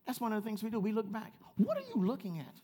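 A man preaching a sermon as pastor, swinging from quiet asides to loud repeated calls and chatting with the congregation. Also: high voice, wildly swooping pitch, fast, slightly rough. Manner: chatty with the congregation, laughs at himself. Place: church.

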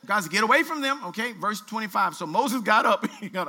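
A man pastor preaching a sermon, reading scripture aloud with colloquial asides and lively exhortation. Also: high-pitched, quick pace, hardly any pauses. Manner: animated preaching, reads scripture aloud with asides and playful voices.

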